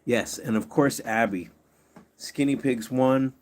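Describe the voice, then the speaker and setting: A man's voice: medium pitch, takes it slowly, a little mellow, a little hiss or hum. A man hosting a casual livestream, coaxing his pets and chatting with viewers. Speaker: pet channel host.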